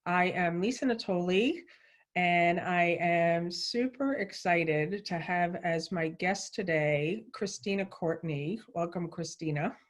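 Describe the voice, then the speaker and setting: A woman's voice: fairly low pitch, slow pace. A woman hosting a weekly livestream show, chatty and enthusiastic as she tells a story and welcomes viewers. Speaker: show host.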